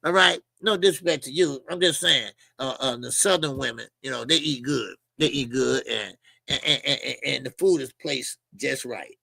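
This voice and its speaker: Gravelly, bright-voiced boxing commentator man. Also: medium pitch, normal speed, no room sound. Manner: rambling, slangy, heavy with fillers and repeated words. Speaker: boxing channel host.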